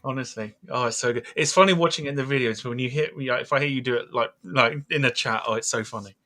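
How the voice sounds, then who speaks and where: A man's voice: medium pitch, fast talker, sharp tone. A man hosting a podcast, chatting casually with lots of fillers and easy laughter. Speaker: podcast host. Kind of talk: casual chat.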